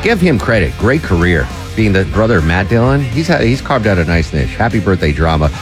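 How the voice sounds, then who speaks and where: A man's voice: lowish voice, big pitch swings, brisk, music in the background. A man hosting a talk radio show, joking and bantering casually with a cohost.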